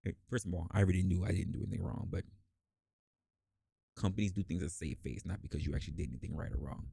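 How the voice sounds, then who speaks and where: A man hosting a podcast, telling a casual story and acting out the people in it with big jumps in pitch, swearing freely. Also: fast, vocal fry, breathy edge, no room sound, studio quality. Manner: animated, acts out quoted voices with big pitch jumps, swears. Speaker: podcast host.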